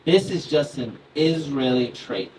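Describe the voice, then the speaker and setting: A man's voice: medium pitch, a little slow, a little mellow. A man in his thirties doing a stand-up comedy set, chatty and loose, laughing into his lines and talking with the crowd. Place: comedy club stage. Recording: distant mic in a noisy club.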